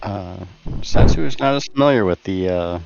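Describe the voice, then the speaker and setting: A man's voice: fairly low pitch, expressive, moderate pace, creaky, highs cut off, music in the background. A man playing a tabletop game, talking hesitantly. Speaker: player. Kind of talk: casual tabletop game chat.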